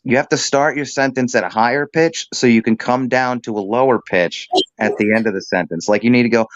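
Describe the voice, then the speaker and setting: A man's voice: mid-range voice, brisk, hardly any pauses, dry recording. Profane, jokey man on a muffled stream. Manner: profane, jokey, slips into put-on accents. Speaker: panel guest. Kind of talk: casual stream chat.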